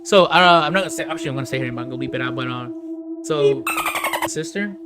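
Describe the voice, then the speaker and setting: A man hosting a casual podcast chat, excitable, swearing a lot and reacting loudly. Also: on the high side, fast talker, music in the background. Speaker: podcast host.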